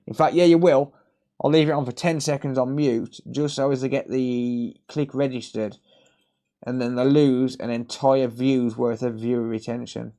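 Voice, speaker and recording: A man's voice: mid-range voice, fairly even intonation, normal speed, mellow. A British man hosting a live repair stream, rambling in casual chat, swearing and laughing a lot.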